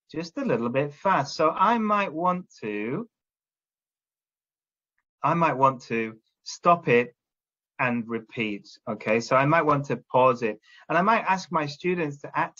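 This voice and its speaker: Man, teacher trainer, instructional talk, slightly high voice, dull lo-fi sound. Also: bright, forceful tone.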